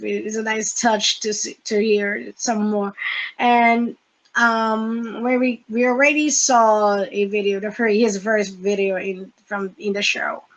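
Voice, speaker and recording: A woman hosting a casual fan podcast, talking in a halting way with many fillers and restarts. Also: medium pitch, creaky, fairly bright tone, rough recording. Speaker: podcast host.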